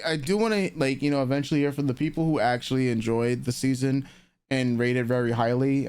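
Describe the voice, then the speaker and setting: A man's voice: medium pitch, a little mellow, smooth. Rambling man reviewing a show. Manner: rambling, halting with many fillers and restarts. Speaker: reaction channel co-host. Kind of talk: casual review chat.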